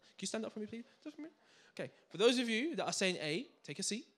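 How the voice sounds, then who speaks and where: A man giving a live finance seminar to a room audience, energetic and full of banter, quizzing the crowd. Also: high-pitched, racing, few pauses. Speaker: seminar speaker.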